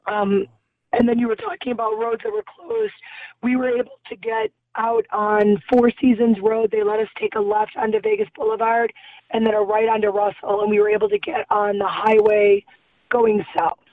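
A shaken woman caller, her voice going hoarse, telling her account in halting phrases with many restarts from a car on her way home. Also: mid-range voice, no room sound. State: losing voice. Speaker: caller, festival bartender. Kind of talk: emotional phone-in account. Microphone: phone. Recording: tinny phone line.

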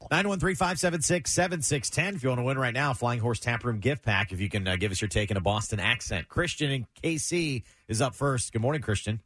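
Bright, husky male radio announcer. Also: mid-range voice, brisk, few pauses, no echo. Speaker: radio co-host taking calls. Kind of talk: radio call-in hosting.

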